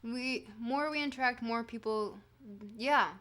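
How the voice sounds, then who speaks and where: A woman's voice: fairly high pitch, a little slow, fairly bright tone. A woman whose first language is French, casually chatting with her viewers and reading a text aloud on a livestream, joking and swearing freely. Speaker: streamer.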